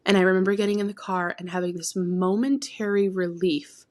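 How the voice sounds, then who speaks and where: A woman co-hosting a podcast as a therapist. She tells a personal story frankly and from the heart, with many asides, moving between emphatic bursts and hushed near-whispers. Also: mid-range voice, little pitch movement, a little fast, hardly any pauses, no echo. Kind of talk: candid podcast conversation.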